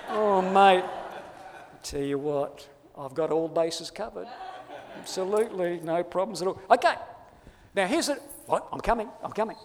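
A man's voice: high-pitched, animated, normal speed. Playful Australian man in a reverberant hall. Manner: playful, teasing banter with the audience. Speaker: speaker giving a presentation. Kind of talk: lively audience-participation talk. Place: large hall before a live audience.

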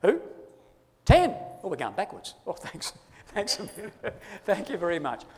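Australian guy, slightly higher voice, jokey crowd-work speaker, long hall echo. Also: huge pitch swings, normal speed. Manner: playful, teasing banter with the audience. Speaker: speaker giving a presentation. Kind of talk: lively audience-participation talk. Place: large hall before a live audience.

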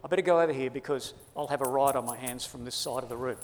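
A man's voice: mid-range voice, quick pace, a little hiss or hum. An Australian man giving a playful, teasing talk to a live audience in a large hall. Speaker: speaker giving a presentation. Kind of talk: lively audience-participation talk. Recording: long hall reverb.

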